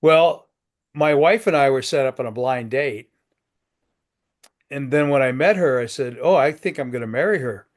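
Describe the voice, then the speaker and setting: A man's voice: medium pitch, moderate pace, pauses often. A man in his sixties hosting a networking group on a video call, folksy and joking, often repeating his words.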